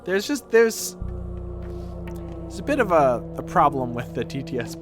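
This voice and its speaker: A man's voice: a little high, very animated, unhurried, over music. A man streaming a game as a vtuber, chatting casually as he plays, thinking aloud and swearing when things go wrong. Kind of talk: casual gameplay commentary.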